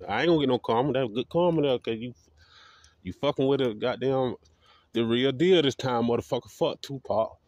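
A man's voice: mid-range voice, fairly quick, a little mellow, no echo, lo-fi sound. A man delivering a profane, defiant, repetitive rant to camera as a video blogger. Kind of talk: ranting monologue to camera.

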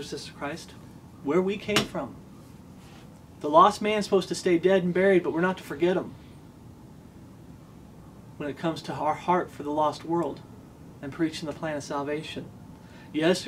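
A man's voice: a little high, slight background noise. A man preaching an earnest sermon, stressing points by repeating them.

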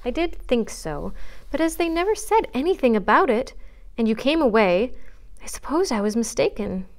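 A frank, observant young woman from a classic storybook speaks her mind to a friend, read aloud by a woman. She is earnest and gently scolding, kind underneath but unwilling to let him off easily. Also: on the high side, sing-song, moderate pace, pitched above the performer's own voice.

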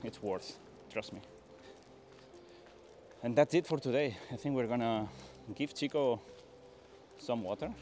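Man, mid-pitched, casual travel-vlog narrator walking a dog outdoors, faint music behind. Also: measured pace, pauses often. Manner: relaxed, chatty, talks to his dog. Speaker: travel vlogger. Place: outdoors on a beach promenade. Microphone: 360 camera held while walking a dog.

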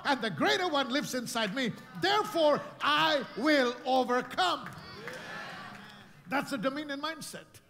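Preaching pastor, lively and echoing. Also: male voice. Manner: rising to shouted declarations, then dropping to low emphatic lines. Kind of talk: preaching a sermon. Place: church sanctuary.

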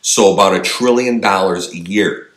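A man's voice: low voice, moderate pace, fairly bright tone. Emphatic man in an echoey room. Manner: emphatic, rhetorical questions, addresses audience directly. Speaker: political commentator. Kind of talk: opinion monologue to camera.

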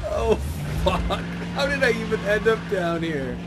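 A man's voice: sits high, very animated, a little slow, heavy background noise. A young man commenting on his video game, joking and talking to the characters on screen. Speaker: let's play gamer.

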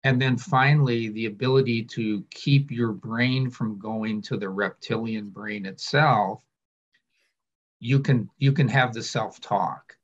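Slow, measured man on muffled call audio. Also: mid-range voice, breathy edge. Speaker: webinar presenter. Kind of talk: explanatory panel talk.

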